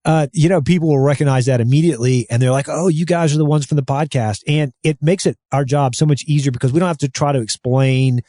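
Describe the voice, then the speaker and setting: A man's voice: a little high, fairly even intonation, quick pace, hardly any pauses, dark tone, dry recording, studio quality. A man co-hosting a real estate podcast, talking at length in a rambling, friendly chat with many restarts. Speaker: podcast co-host. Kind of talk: casual chat.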